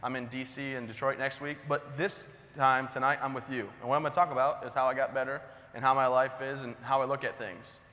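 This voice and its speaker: A man's voice: medium pitch, flat delivery, a little fast, few pauses, sharp tone. A man in his thirties giving a humorous, self-deprecating motivational keynote in a conversational, joking way. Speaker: motivational speaker. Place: large conference hall. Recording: long hall reverb.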